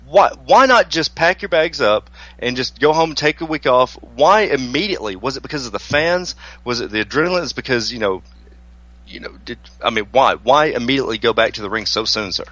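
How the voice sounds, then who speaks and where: A man's voice: medium pitch, lively intonation, a little fast, sharp tone, dull audio. A man hosting a radio interview, polite and deferential, addressing his guest as sir. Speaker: radio show host.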